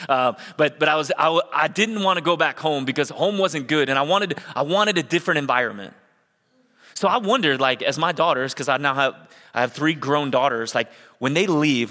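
A middle-aged man from Ohio, a pastor preaching a sermon, telling personal stories in a conversational way that builds to energetic emphasis. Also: on the high side, a little fast, in a large hall.

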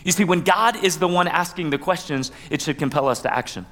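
A man's voice: a little high, brisk, a bit bright. A man pastor giving a conversational sermon, with asides and playful quoted voices. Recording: long hall reverb.

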